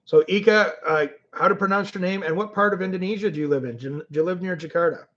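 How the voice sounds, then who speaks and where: A man's voice: high-pitched, quick pace, a bit bright. A man from Canada hosting a casual livestream, chatting with viewers and rambling through stories with lots of restarts. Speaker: livestream host. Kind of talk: casual livestream chat reading comments. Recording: dull lo-fi stream audio.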